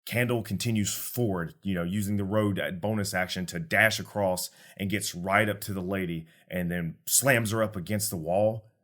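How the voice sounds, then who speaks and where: A man narrating as game master of a tabletop game, relaxed and descriptive. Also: deep voice, moderate pace.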